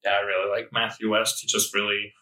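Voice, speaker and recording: Low-voiced man co-host, echoey room. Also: flat delivery, fast, sharp tone. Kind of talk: casual interview.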